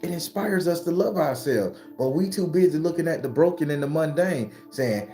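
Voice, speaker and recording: A man in his forties giving a casual, profane motivational talk as host of his spiritual channel, often climbing to a high excited pitch. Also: moderate pace, hardly any pauses, soft background music. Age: 40s.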